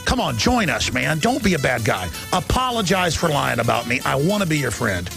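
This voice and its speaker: A male radio talk show host delivering a combative, mocking monologue with a raspy, gravelly voice. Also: fairly high pitch, sing-song, normal speed, over music.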